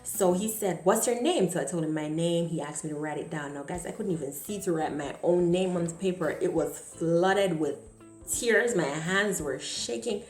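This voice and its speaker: A woman vlogger telling a dramatic personal story in an animated way, often stammering. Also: lowish voice, moderate pace. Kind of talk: storytime vlog. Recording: echoey room, faint music.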